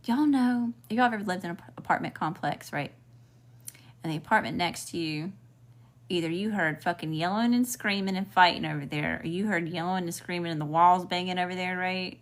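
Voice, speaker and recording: A woman with a Southern drawl reading tarot for her viewers in a loose, chatty way. She swears freely and drifts into frank asides. Her voice sits a little low for a woman. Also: fairly quick. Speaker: tarot reader. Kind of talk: casual spiritual reading.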